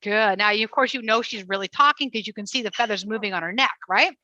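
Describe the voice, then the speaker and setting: A woman's voice: mid-range voice, fast talker, bright, forceful tone, dry recording, muffled recording. A woman presenting a live family show with trained parrots, coaxing and cheering the birds along.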